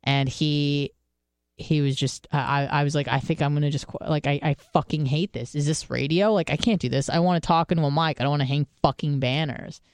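A woman's voice: sits low, fairly even intonation, fairly quick, a little mellow, smooth, no room sound. A woman hosting a podcast, telling rambling, profane stories in casual chat. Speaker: podcast host.

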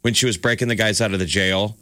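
A man's voice: lowish voice, steady tone, fast talker, fairly bright tone, no echo, studio quality. A man co-hosting a morning radio show in casual, playful banter. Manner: joking, playful, does goofy voices.

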